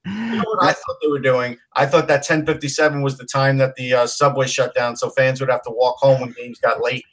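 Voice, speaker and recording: A man's voice: mid-range voice, fairly quick, a bit bright. A man co-hosting a casual sports podcast with wry, joking remarks.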